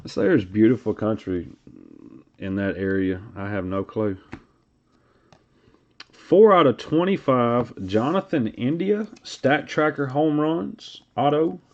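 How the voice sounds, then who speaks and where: A man's voice: mid-range voice, expressive, slow pace, darkish tone. Laid-back Tennessee man, lo-fi stream. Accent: Tennessee Southern. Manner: laid-back, drawling, reads off player names between banter with chat. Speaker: card break host. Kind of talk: live-streamed card break chat. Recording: lo-fi stream audio.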